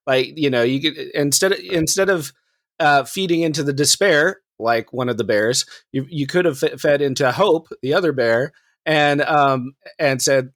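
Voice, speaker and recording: A man's voice: mid-range voice, normal speed, a bit bright, dry recording, studio quality. A man co-hosting a movie podcast, speaking casually and hesitantly with frequent restarts. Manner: hesitant, restarts often, acts out dialogue.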